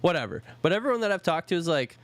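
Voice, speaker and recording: A man's voice: a little high, sing-song, very fast, a bit bright, no room sound. Chatty man swapping stories on a podcast. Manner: chatty, storytelling, hesitant restarts. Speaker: podcast co-host. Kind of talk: casual podcast chat. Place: home studio.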